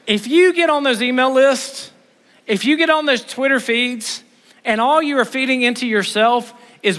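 A man's voice: very high-pitched, moderate pace, bright, forceful tone. A middle-aged man preaching a sermon in an emphatic, blunt, conversational way. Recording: reverberant hall.

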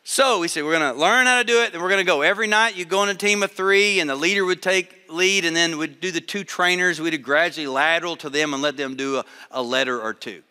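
A man preaching a sermon to a live audience, telling a story with animated voices for the people in it. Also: fairly high pitch, fast talker, few pauses, clear, resonant tone, in a large hall.

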